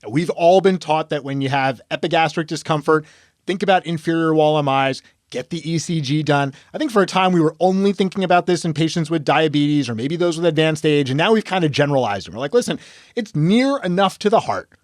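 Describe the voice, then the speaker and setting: A man's voice: fairly high pitch, fairly quick, no echo, clean studio sound. A man, an emergency physician, telling a case story on a medical podcast and acting out the dialogue.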